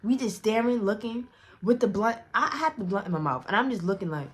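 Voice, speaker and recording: A woman's voice: medium pitch, expressive, fairly quick. A young woman telling a casual storytime, rambling in slang with many restarts and acted-out quotes. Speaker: storyteller vlogger.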